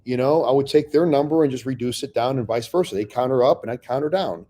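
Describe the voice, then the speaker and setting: Blunt, profane man with a mellow voice. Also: medium pitch, fast. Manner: blunt and profane, acts out past conversations. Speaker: real estate investor guest. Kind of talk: candid conversational storytelling.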